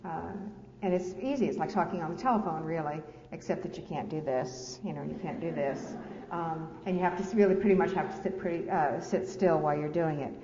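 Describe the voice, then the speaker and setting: A woman's voice: deep voice, fairly quick, warm tone. A woman author reading from her memoir to an audience, with candid, self-deprecating asides and laughter. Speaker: author and speaker. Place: large lecture hall. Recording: echoey hall, dull lo-fi sound, faint hiss.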